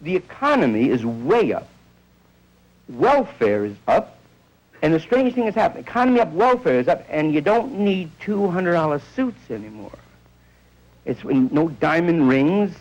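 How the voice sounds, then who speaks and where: Animated stand-up comedian man, lively pitch. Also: normal speed, lo-fi sound. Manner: rambling storyteller, acts out bits of dialogue.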